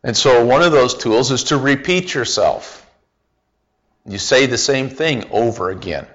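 A man teaching a Bible study lesson, speaking deliberately with frequent pauses and fillers, asking the group questions. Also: mid-range voice, lively intonation, fairly bright tone, highs cut off. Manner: asks the group questions and repeats answers.

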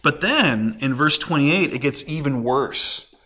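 A man's voice: medium pitch, animated, a little slow, pushed and bright. A man teaching a casual Bible lesson, talking it through with rhetorical questions and everyday examples. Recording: dull lo-fi recording.

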